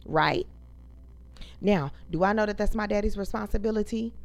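A woman's voice: medium pitch, normal speed, vocal fry. A woman, venting to viewers as host of her own casual talk show, emphatic and profane. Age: 30s. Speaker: podcast host. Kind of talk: casual storytelling rant.

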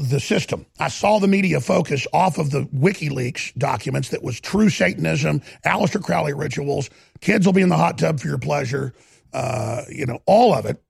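A man's voice: on the high side, lively intonation, moderate pace, no echo, clean studio sound. A man hosting a talk show, delivering an impassioned, emphatic monologue and often stammering and repeating words. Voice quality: gravelly, raspy.

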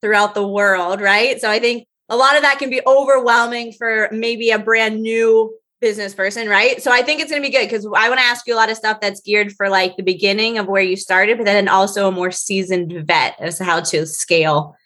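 A woman's voice: mid-range voice, steady tone, brisk, few pauses, pushed and bright. An American woman co-hosting a podcast, chatty and rambling, with self-deprecating asides. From United States. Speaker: podcast co-host. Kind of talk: casual podcast chat.

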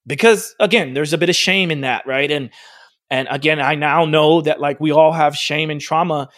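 Speaking at a moderate pace in a slightly high voice, a fitness studio owner and trainer casually shares a personal anecdote. He's animated, frequently says "like," and performs the dialogue he quotes, with no room sound on the recording.

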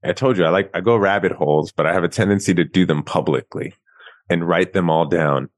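A man from Queens, a guest author, telling animated, self-mocking stories in a casual interview. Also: deep voice, brisk, no echo. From Queens, New York.

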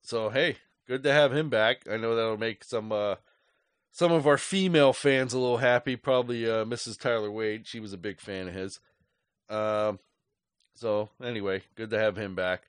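A man's voice: on the low side, steady tone, normal speed, clean tone, no echo, clean studio sound. A man hosting a sports fan show, ranting angrily with heavy swearing in a rambling, off-the-cuff way. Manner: angry, profane, rambling. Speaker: sports podcast host.

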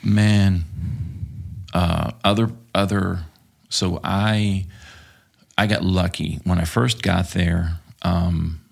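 Man, husky, very low voice, casual storytelling, swears a lot, many ums. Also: steady tone, slow pace. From Texas. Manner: profane, rambling, lots of fillers. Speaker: podcast guest, former police officer.

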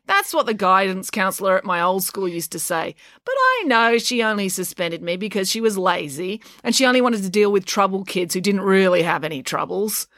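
A woman's voice: medium pitch, animated, a little fast, hardly any pauses, fairly bright tone, no room sound, clean studio sound. A woman reading a storybook aloud and voicing a rude, defiant teenage schoolgirl with sarcastic, cutting retorts.

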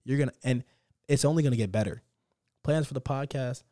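A man's voice: medium pitch, fairly quick, mellow, no echo. A young man hosting his own podcast alone, talking unscripted in an upbeat, motivational, repetitive way into a close mic. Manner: talks from the heart without a script. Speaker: podcast host. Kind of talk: casual solo podcast monologue.

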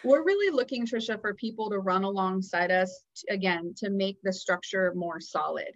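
A woman guest on a podcast, telling a personal story in an earnest, animated way. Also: mid-range voice, normal speed, muffled recording. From Houston area, US. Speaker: guest, founder of a nonprofit.

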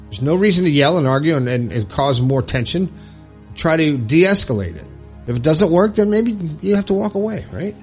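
A man's voice: a little high, expressive, moderate pace, soft background music. A man giving earnest motivational advice, coaching listeners step by step and checking in with them often. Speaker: self-help video host.

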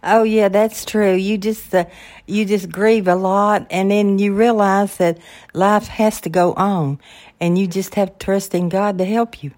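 An older woman, the host's mother, chatting casually in a soft voice with short, simple replies. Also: medium pitch, fairly even intonation, a little slow. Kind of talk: casual chat.

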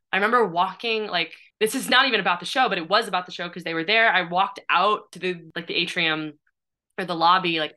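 A woman's voice: on the low side, bright, forceful tone, clear, resonant tone. A woman in her thirties, a playwright and performer, chatting in an interview with lots of fillers and restarts. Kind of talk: casual interview chat.

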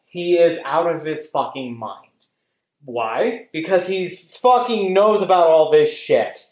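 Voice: medium pitch, takes it slowly. Casual podcast host, loose and profane, filler-heavy, echoey room. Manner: rambling, animated, profane, many fillers. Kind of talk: casual chat.

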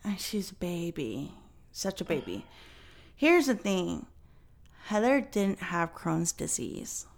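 A woman's voice: lowish voice, very animated, slow pace, vocal fry. A woman hosting a podcast, telling a story in casual chat with lots of fillers and some swearing. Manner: chatty, many fillers, swears. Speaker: podcast host.

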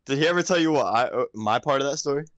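A young man co-hosting a podcast, telling stories in a loud, animated way, full of swearing and laughter. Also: mid-range voice, very fast. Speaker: podcast co-host. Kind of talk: casual chat.

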